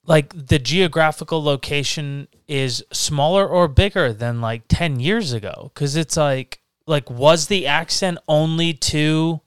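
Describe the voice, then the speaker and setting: A man's voice: on the high side, unhurried, hardly any pauses, clear, resonant tone, dry recording. A young man with a Rhode Island accent, a podcast co-host joking and cursing in easygoing banter over beers. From New England. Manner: joking, profane, laid-back banter. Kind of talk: casual chat over beers.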